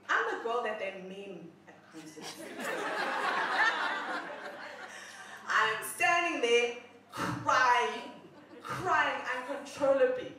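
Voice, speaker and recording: Laughing at herself through a funny personal tale, this young woman from South Africa speaks with a voice on the high side and lively energy. A little hiss or hum comes through, and the far-off mic catches heavy echo from the room.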